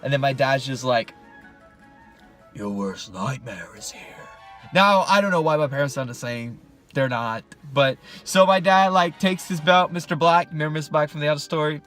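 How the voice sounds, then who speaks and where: Sex: man. Style: casual storytime vlog. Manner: animated, jokey. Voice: bright, fairly high, with faint music. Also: fairly quick. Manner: animated, jokey, talks straight to camera.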